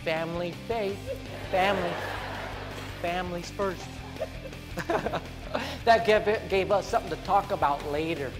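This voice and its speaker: A man delivers a funny motivational keynote to a big audience, playful and animated. His voice sits high. The sound is a long-echoing hall with music running clearly underneath. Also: measured pace, pauses often. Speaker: motivational speaker. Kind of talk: comedic keynote speech. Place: large event hall on stage.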